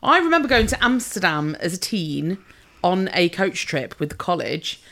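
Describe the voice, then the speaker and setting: Chatty woman with an animated voice. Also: on the low side, moderate pace. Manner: chatty, cheeky, laughing. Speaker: podcast co-host. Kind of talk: casual chat.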